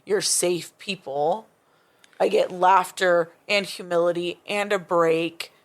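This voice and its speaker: A woman's voice: fairly low pitch, fairly even intonation, takes it slowly. A young woman talking as a podcast guest, rambling with many fillers and restarts. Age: young adult. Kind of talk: casual chat.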